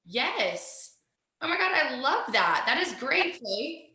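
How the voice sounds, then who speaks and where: A woman teacher with a fairly high, bright voice leads a mindfulness lesson over a video call. She talks straight to her students in an upbeat, encouraging way. Her voice carries a roomy echo. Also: big pitch swings, slow.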